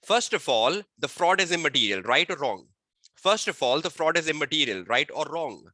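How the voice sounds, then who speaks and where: A male audit tutor giving an online exam-prep lecture, repeating key phrases and quizzing his listeners, slowing to a dictation pace to state the rules. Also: a little high, very animated, bright, forceful tone, dry recording. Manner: slow dictation-like delivery when stating rules. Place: webinar.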